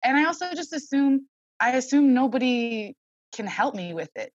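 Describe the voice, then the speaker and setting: A woman's voice: sits high, lively intonation, normal speed, dry recording, muffled recording. A young woman speaking candidly as a podcast guest, reflective and open, with many fillers.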